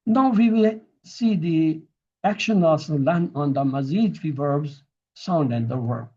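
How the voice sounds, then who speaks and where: Husky man teaching verb grammar. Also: a little high, slow, a little mellow. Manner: drills verb forms, quizzing students. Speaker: Quranic Arabic teacher. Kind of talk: classroom grammar lesson. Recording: dull lo-fi recording.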